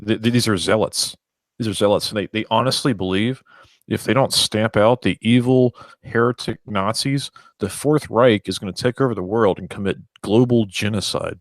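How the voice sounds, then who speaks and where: A man with a fairly low voice speaks emphatically and repeats himself. The recording is dry and close. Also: moderate pace, no echo. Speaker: livestream panelist. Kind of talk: casual livestream chat.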